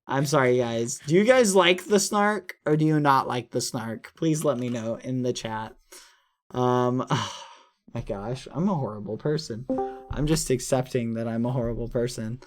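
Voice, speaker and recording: A man's voice: medium pitch, normal speed, soft background music. A man streaming late at night who chats casually with viewers in a snarky, playful way, apologizing over and over.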